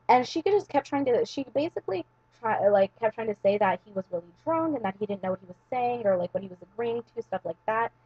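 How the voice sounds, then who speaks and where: Young woman, vlogger, casual rambling story, breathy voice, slightly dull lo-fi sound. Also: a little high, animated, quick pace, dry recording. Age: young adult. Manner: rambling, heavy use of "like" and "um".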